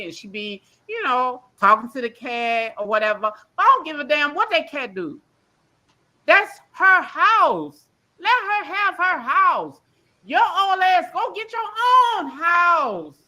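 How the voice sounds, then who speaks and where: A sharp-toned, medium-pitched woman's voice comes through as she calls a livestream. The call is an emotional rant, rambling, blunt, and full of swearing.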